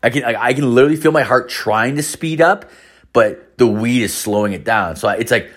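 A man's voice: mid-range voice, expressive, a little fast. A man in his thirties telling a rambling, profane comic story. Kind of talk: comedic personal storytelling.

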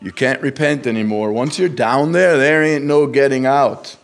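A creaky, medium-pitched male voice belongs to a lay preacher at a church service. His sermon is earnest and plain, marked by hesitations and restarts, and his emphasis climbs whenever he quotes Scripture.

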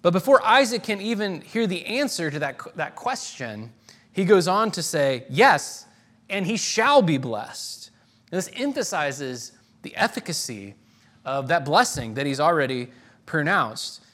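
A man's voice: on the high side, lively intonation, normal speed, fairly bright tone. Conversational male preacher. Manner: conversational, with hesitations and restarts; dramatic reading of quotes with rising voice. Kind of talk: sermon.

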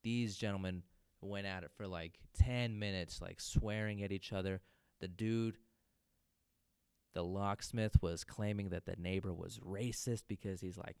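A man's voice: deep voice, fairly even intonation, unhurried, vocal fry, a little mellow, clean tone, dry recording, clean studio sound. A man casually telling a personal story, loose and profane, peppering his talk with "dude" and "man".

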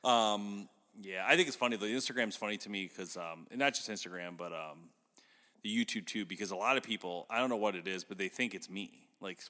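A man's voice: lowish voice, brisk, pushed and bright, big-room sound. A man hosting a podcast, chatting casually and rambling through stories with frequent laughs. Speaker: podcast host.

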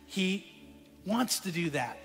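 A male pastor preaching a sermon, telling a story that moves between hushed and emphatic passages. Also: high-pitched, very animated, slow, gravelly, big-room sound, faint music behind.

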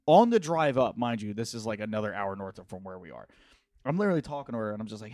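A man's voice: fairly low pitch, expressive, very fast, a little mellow, dry recording, studio quality. A man hosting a podcast, telling a party story in casual chat, often laughing, swearing and acting out what people said. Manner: laughing, swearing, acts out quotes. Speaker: podcast host.

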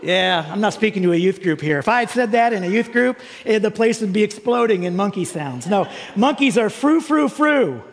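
A man with a high voice preaches to his congregation, casual and joking as he explains things. His voice rings with the long reverb of a large hall. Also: brisk, hardly any pauses. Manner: jokey, conversational preaching with playful sound imitations. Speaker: pastor. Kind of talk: sermon. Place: church sanctuary.

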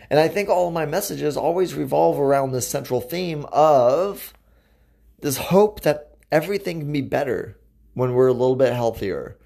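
Husky, upbeat podcast health coach. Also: medium pitch, a little mellow. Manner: enthusiastic, upbeat, conversational. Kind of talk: motivational podcast monologue.

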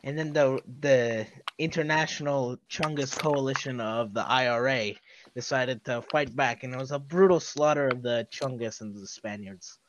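Pompous meme rabbit, voiced by a man, deadpan and mock-formal, mid-pitched, dull lo-fi sound. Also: moderate pace, a little hiss or hum, lightly acted. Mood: mock-solemn. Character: Big Chungus, pompous meme rabbit in a crusader helmet. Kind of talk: improvised comedy podcast.

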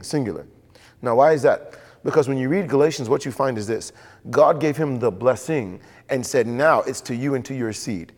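A man preaching a sermon with animated delivery, acting out voices in the stories he tells. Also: medium pitch, in a large hall. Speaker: pastor.

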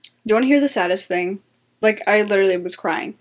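Young woman, 20s, podcast co-host, conversational storyteller, middle pitch. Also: quick pace. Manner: storytelling, acts out quotes, lots of "like". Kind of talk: casual chat.

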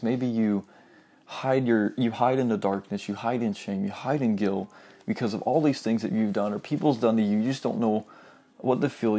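A young man giving an earnest, informal sermon and reading scripture aloud, often dropping to a soft near-whisper for emphasis. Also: on the low side. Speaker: preacher.

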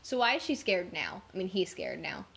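A woman chatting casually as a podcast co-host, peppering her talk with "like". Her voice is a little husky, and her pitch moves around in a lively way. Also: moderate pace. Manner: chatty, filler-heavy, frequent "like". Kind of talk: casual chat.

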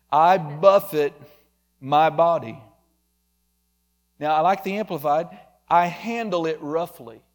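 A man preaching a sermon emphatically, calling out members of the congregation by name. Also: on the high side. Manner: emphatic, addresses listeners by name.

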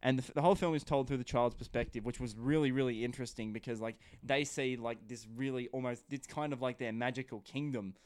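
A man chats loosely about a film, gushing and rambling, his speech full of "like" and the odd curse. His voice is smooth and clear, recorded close in a dry room with no echo. He sits at a middling pitch. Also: fast talker, few pauses, a little mellow. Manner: rambling, enthusiastic, full of "like" fillers and swearing. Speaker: film reviewer. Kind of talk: casual film review chat.

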